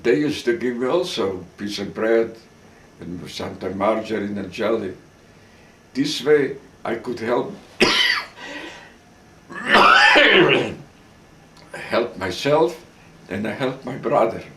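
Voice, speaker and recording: Older male witness, slow halting testimony, mid pitch, distant roomy recording. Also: sing-song, pushed and bright, slight background noise. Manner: halting, repeats and restarts words.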